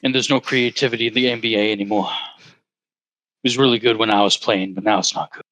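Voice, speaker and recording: A man doing a low, lazy impression of a big retired male basketball star. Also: steady tone, fast, a bit bright, dry recording, close to an everyday voice, rough recording. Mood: laid-back.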